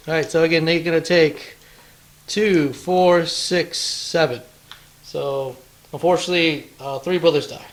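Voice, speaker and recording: A man's voice: fairly high pitch, steady tone, a little slow, poor audio. A man hosting a tabletop wargame battle report, chatting casually through the play, counting dice aloud and throwing in playful taunts.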